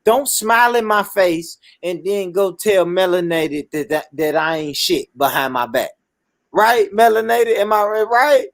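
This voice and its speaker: High gravelly guy hosting a loose online panel, lots of slang and repeats. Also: measured pace, dry recording, clean studio sound. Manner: animated, slangy, repeats himself. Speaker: panel host. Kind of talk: casual online panel chat.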